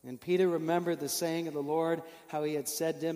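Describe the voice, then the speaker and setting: A man's voice: a little high, flat delivery, fairly quick, mellow, long reverb tail. A man preaching a sermon, telling a story earnestly and building with emotion through rhetorical questions.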